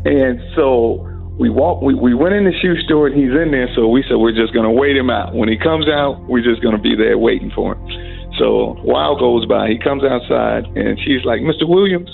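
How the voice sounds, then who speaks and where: Middle-aged male singer, guest storyteller, very gravelly and husky, heard over a tinny phone line. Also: medium pitch, normal speed, soft background music. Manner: lively storyteller who acts out quoted voices. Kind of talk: storytelling in an interview.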